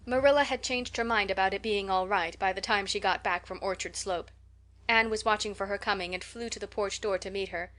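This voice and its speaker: Brief: female audiobook narrator, clear and measured. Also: mid-range voice, fairly even intonation, fairly bright tone. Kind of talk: scripted narration.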